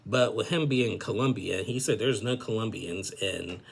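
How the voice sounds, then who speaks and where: A man's voice: fairly low pitch, normal speed, creaky, slightly rough. A man casually recapping a reality TV episode, rambling with lots of fillers like "like" and "and everything". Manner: rambling, filler-heavy, says "and everything" a lot.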